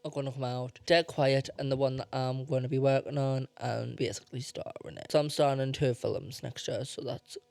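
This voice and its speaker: Rambling young man, smooth voice. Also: medium pitch, steady tone, a little fast, few pauses, a little mellow, no echo. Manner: rambling, self-interrupting, emotional. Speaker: podcast host. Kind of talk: casual solo podcast talk.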